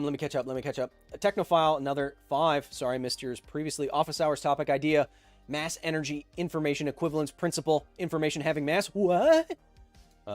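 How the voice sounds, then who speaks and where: A man in his thirties hosting a casual podcast live stream, reading viewer questions and answering with animated, opinionated emphasis. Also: dry recording. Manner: animated and opinionated, with emphatic swings in pitch and volume.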